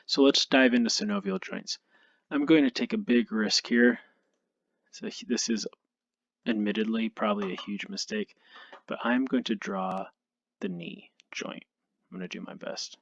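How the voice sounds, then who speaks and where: A male anatomy instructor giving a recorded lecture over slides, relaxed and self-deprecating, thinking aloud with frequent ums. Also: on the low side, normal speed, long pauses, no room sound, muffled recording. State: tired, yawning.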